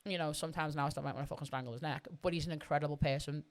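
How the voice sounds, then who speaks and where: Fast-talking sweary woman. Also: low-pitched, fairly even intonation. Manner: blunt, sweary, emphatic. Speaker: podcast guest. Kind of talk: candid conversational storytelling.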